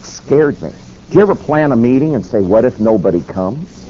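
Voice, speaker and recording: Guy preaching a story, mellow dark voice, dull lo-fi recording w/ faint hiss. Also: mid-range voice, lively intonation, moderate pace. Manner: dramatic, acts out quoted dialogue. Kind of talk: sermon storytelling.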